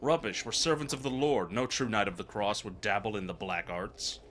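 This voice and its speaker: Gruff medieval knights trade barbs in archaic phrasing, as a man reads their game dialogue aloud. The delivery is only lightly dramatic, in a bright, tense voice, over a faint hiss. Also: fairly low pitch, lively intonation, moderate pace, voice pushed down. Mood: bickering.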